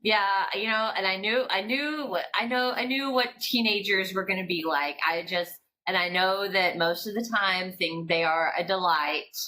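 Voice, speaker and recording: Bright-voiced woman co-host, quick to laugh. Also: mid-range voice. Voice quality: laughs easily, agreeable backchannel. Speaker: podcast co-host. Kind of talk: casual chat.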